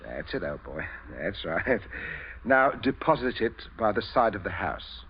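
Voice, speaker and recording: An actor playing a suave, chuckling father who calmly threatens a guest at gunpoint, in 1940s radio acting style. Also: lowish voice, measured pace, breathy edge, heavily acted. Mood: menacing. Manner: cheerful, chuckling, suave menace. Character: genial menacing man, calm murderer. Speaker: father of the household. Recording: dull old radio recording, faint hiss.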